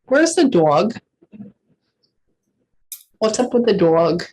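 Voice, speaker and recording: A woman's voice: medium pitch, big pitch swings, slow pace, a little mellow. A woman working as a psychic medium in a casual reading, emotional and swearing freely, often stopping to say hold on. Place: lives in Texas.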